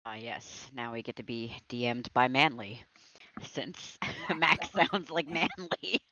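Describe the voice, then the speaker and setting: Guy joking around on a voice call before a tabletop game, bright voice, kinda muffled dry audio. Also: medium pitch, slow, dry recording. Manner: joking, loose banter. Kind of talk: casual chat before a game session.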